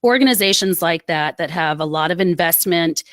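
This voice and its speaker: A woman, a military spouse telling her story in a podcast interview, earnest and quick with asides. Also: lowish voice, animated, dry recording. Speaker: guest, military spouse advocate.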